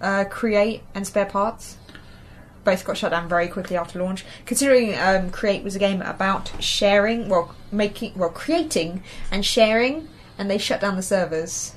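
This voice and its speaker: A woman's voice: mid-range voice, moderate pace, slight background noise. Rambling English woman chatting about games. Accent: Essex-tinged English. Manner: rambling, hesitant with many ums and restarts. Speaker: podcast co-host. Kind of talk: casual gaming chat.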